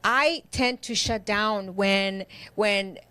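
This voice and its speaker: A woman's voice: mid-range voice, very slow, sharp tone, clear, resonant tone, dry recording. A woman co-hosting a casual podcast, talking openly and expressively about her feelings, with many "you know"s. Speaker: podcast co-host.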